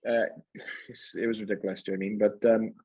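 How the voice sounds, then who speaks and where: Man, welsh accent, podcast guest, husky voice, loose rambling chat. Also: lowish voice, rapid-fire, rough recording. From Wales. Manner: relaxed, rambling, many fillers. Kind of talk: casual chat.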